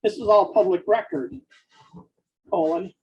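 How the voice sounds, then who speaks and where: A man dictating fiction aloud, speaking each punctuation mark in a slow, deliberate way. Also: sits high, muffled recording. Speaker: author dictating a novel.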